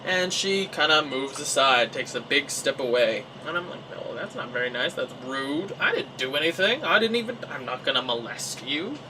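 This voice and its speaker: A young Canadian man telling a personal story in a casual, animated way, acting out his own reactions. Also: medium pitch, normal speed, few pauses, distant mic, noisy background. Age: young adult. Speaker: vlogger.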